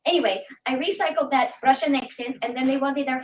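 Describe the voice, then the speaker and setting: Woman on a panel, high voice, teasing, heard from a distance. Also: brisk. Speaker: voice actor on a panel. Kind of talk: casual panel chat. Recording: far from the mic.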